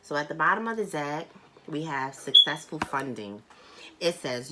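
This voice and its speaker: A woman giving a private tarot reading who speaks earnestly and bluntly, swearing casually, repeating phrases for emphasis and reading card text aloud slowly. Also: low-pitched, animated, bright, forceful tone, a little hiss or hum. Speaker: tarot reader.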